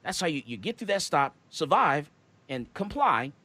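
A man's voice: a little high, sing-song, normal speed, bright, forceful tone, dry recording. A man hosting a radio talk show, lecturing his listeners in an emphatic, preachy monologue.

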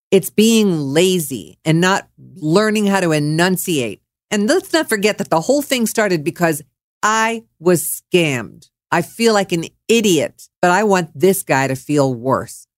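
A woman's voice: on the low side, no room sound, clean studio sound. Angry profane woman radio host. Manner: heated, profane, scolding. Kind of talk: angry on-air rant.

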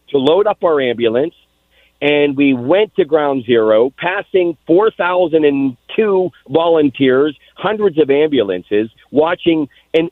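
A man, calling in to recall his time as a rescue volunteer, halting and tearful, repeating words as he speaks. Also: on the high side, dry recording. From Pittsburgh, USA. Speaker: caller, former EMT volunteer. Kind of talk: emotional phone-in recollection. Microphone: telephone. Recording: tinny phone line.

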